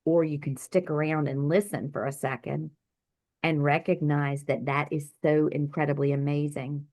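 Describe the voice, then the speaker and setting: Low-pitched woman, doctor-healer guest, animated storyteller, video call. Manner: vivid, animated storytelling with acted quotes.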